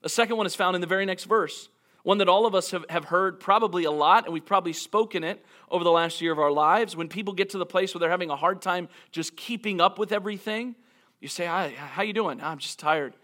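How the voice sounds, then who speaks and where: A man preaching a sermon as a pastor, earnest and reflective, slowing down to stress key phrases. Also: high voice, fairly bright tone. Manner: earnest, reflective, with frequent restarts and dramatic slowdowns.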